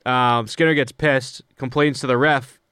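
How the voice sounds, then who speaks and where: A man's voice: medium pitch, fairly even intonation, pushed and bright, smooth, no room sound, clean studio sound. A young man co-hosting a casual sports podcast, talking loosely and swearing often. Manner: loose and profane, quick asides. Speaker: podcast co-host. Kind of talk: casual hockey chat.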